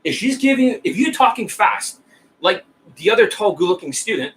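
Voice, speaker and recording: A man's voice: high-pitched, sing-song, brisk, a bit bright, poor audio. A man coaching dating skills in a profane, scornful rant, insulting his listeners and checking "right?" and "you see that?" again and again. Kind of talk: ranting coaching monologue.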